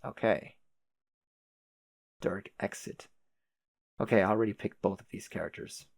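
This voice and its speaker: A man's voice: on the low side, steady tone, fast talker, creaky, dry recording. A man reading a webcomic aloud in a casual way, with swearing asides and laughs. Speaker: webcomic reader. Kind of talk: casual read-aloud with reactions.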